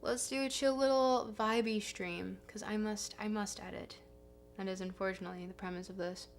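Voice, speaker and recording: In a steady, mid-range voice at a moderate pace, the young livestream host chats casually, drifting off topic and correcting herself. Gentle guitar music accompanies her.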